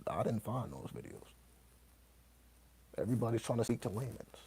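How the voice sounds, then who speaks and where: Deep gravelly man, profane and emphatic. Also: animated, normal speed, pauses often, darkish tone. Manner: profane, emphatic, spells out words letter by letter. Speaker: host answering viewer questions. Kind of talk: casual monologue to camera.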